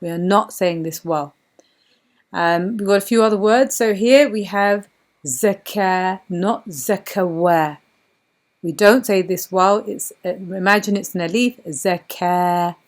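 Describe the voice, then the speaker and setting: A woman teaching Quran reading step by step, patient and repeating words slowly with many fillers. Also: mid-range voice.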